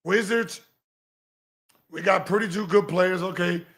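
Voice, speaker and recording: High-voiced man ranting and mocking. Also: unhurried. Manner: mocking, animated, breaks into sing-song teasing. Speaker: podcast host. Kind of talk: heated commentary.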